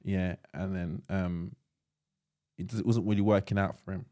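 A young man co-hosting a podcast, asking probing questions and pausing with frequent ums. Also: low-pitched, steady tone, dark tone. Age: young adult. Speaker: podcast co-host. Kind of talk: casual chat.

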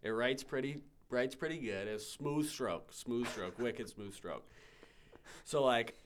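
A man's voice: medium pitch, slow pace, a little hiss or hum, close to an everyday voice. A young man putting on a Boston accent to play a pushy salesman selling a pen, repeating himself. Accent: Boston, put on.

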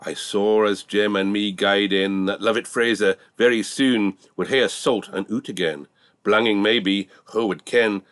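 A Scottish man reciting a long rhyming dialect poem in a measured, rhythmic way. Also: on the low side, fairly bright tone, no room sound.

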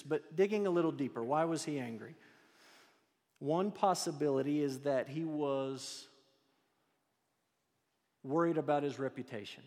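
A man's voice: on the high side, measured pace, long pauses, a little mellow. A male pastor preaching a conversational, storytelling sermon full of rhetorical questions, in a church sanctuary. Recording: long reverb of a large hall.

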